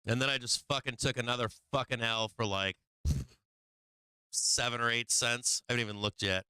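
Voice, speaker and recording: A man on a live trading stream, frustrated and cursing as he talks through his losses, now and then laughing at himself. His voice is bright and very clear, and the sound is dry and close with no room echo. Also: medium pitch, little pitch movement, normal speed.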